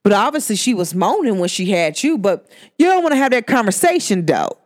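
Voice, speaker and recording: A young adult woman hosting her own podcast, talking casually and sassily, laughing often and swinging between high and low tones. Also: very animated, fairly quick. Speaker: podcast host. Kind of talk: casual solo podcast monologue.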